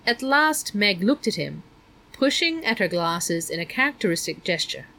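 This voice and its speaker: A woman narrating a children's novel in a measured, even storytelling manner. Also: medium pitch, poor audio. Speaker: audiobook narrator.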